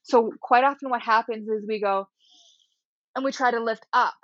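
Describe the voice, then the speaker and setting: A bubbly woman physiotherapist talks through core exercises in a casual, chatty teaching style, her voice a little high. The recording is dry and dull, with a slightly lo-fi sound. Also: fairly even intonation, moderate pace, fairly bright tone, no echo. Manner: bubbly, chatty, laughs often, guides breathing exercises. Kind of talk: casual instructional explanation.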